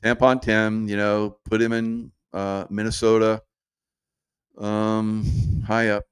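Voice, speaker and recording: A man's voice: lowish voice, level tone, takes it slowly, smooth. A man hosting his own show with casual, rambling commentary, laughing often and drifting off point. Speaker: show host.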